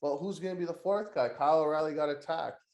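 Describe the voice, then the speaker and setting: An excitable man co-hosting a casual podcast chat, full of slang and quick laughter. His voice sits a bit high, and the room around him rings with echo. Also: highs cut off. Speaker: podcast co-host.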